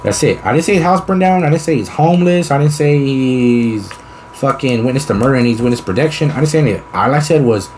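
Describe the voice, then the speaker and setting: A young man hosts a laid-back podcast, talking at an ordinary middle pitch. He rambles through long what-if scenarios and swears freely. A faint hum of room ambience sits behind him. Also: lively intonation, fast talker, darkish tone. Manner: rambling, profane, spins long hypothetical scenarios. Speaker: podcast host. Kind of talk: casual chat.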